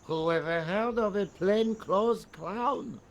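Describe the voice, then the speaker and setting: Game casting: slow, high, lilting French cop who can't be bothered. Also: male voice, highs cut off. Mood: languid. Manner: languid, unbothered, drawling. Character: lazy, amused French male police officer.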